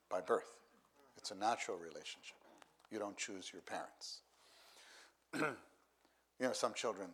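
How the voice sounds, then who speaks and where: A middle-aged man preaching a sermon, unhurried, who repeats key phrases for emphasis. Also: fairly low pitch, fairly bright tone.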